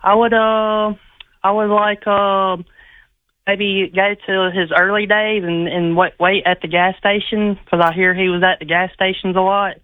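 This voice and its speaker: A man doing an impression of a famous male 1950s rock singer, answering haltingly with drawn-out hesitations. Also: high-pitched, level tone, no room sound, phone-quality sound, pitched above the performer's own voice. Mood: musing.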